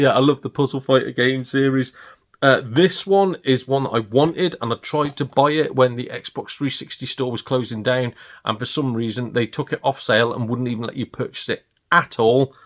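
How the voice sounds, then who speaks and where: A British man vlogging about retro game pickups, gleeful and excitable and laughing often. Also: medium pitch, moderate pace. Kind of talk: casual chat showing off purchases.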